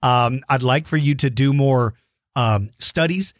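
A man's voice: mid-range voice, a little slow, no room sound, clean studio sound. A man hosting a children's dinosaur show, talking playfully to young viewers and reading out their messages. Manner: playful, self-correcting, reads out viewer messages. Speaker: kids' dinosaur show host. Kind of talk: friendly educational talk to children.

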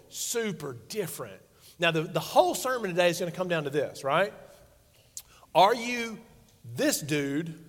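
Brief: man in his forties, pastor, high voice, joking conversational sermon, long hall reverb. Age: 40s. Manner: playful, conversational preaching with acted-out quotes. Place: church sanctuary stage.

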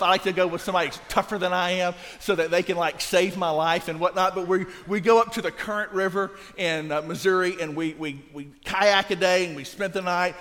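Male pastor, high voice, emphatic sermon delivery that drops to a hush, long hall reverb. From Louisiana. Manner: emphatic, swinging from loud to hushed.

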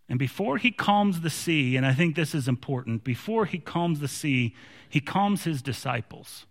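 High-voiced guy preaching, emphatic, repeats himself, big echoey hall. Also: animated, normal speed. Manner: emphatic, repeats words when restarting. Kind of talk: sermon.

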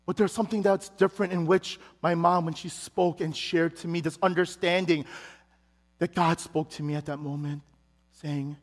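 A man's voice: a little high, fairly even intonation, normal speed, in a large hall. A man preaching a sermon as pastor, telling a personal story and building to emphatic rising questions. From Chicago, United States.

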